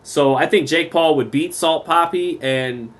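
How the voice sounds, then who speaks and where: A man's voice: on the high side, unhurried. Chatty man calling a boxing fight. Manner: relaxed, chatty, reads viewer comments aloud. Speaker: boxing commentator. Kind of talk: live round-by-round commentary and chat reading.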